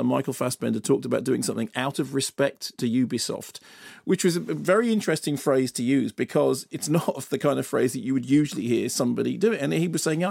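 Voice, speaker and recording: Gravelly man reviewing films. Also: medium pitch, darkish tone, no room sound, clean studio sound. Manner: chatty and digressive, rushing through asides with many restarts. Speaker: film critic. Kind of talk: radio film review chat. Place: radio studio. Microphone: studio microphone.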